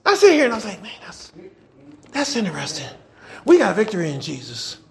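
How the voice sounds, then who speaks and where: A man, a pastor preaching a sermon in a church, repeating phrases and building to shouts. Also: high voice, wildly swooping pitch, fairly quick, creaky. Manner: repetitive call-and-response preaching, swelling to shouts.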